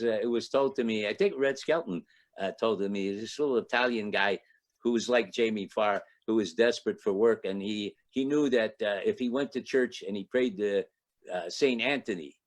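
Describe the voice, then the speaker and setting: A man in his eighties from Ohio, a guest speaker reminiscing and telling a joke, rambling on tangents with many fillers, over a video call. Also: lowish voice. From Toledo, Ohio.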